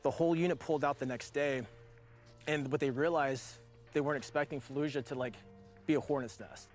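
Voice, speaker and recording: A man's voice: mid-range voice, fairly quick, soft background music. A man in his forties, a veteran guest, telling a long story in a loose, rambling way full of fillers. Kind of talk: casual storytelling.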